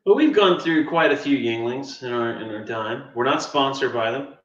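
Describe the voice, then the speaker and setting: 说话反复停顿的男性，远处带回声. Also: male voice, mid-range voice, fairly bright tone. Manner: halting, repeats words, chuckles. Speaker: game designer co-host. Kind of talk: casual livestream chat. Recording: distant roomy lo-fi mic.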